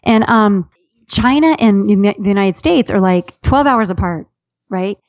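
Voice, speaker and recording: A woman's voice: medium pitch, moderate pace, dry recording, lo-fi sound. Chatty woman telling funny stories. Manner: chatty, animated storyteller who restarts sentences. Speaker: author and comedian guest. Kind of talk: casual storytelling interview.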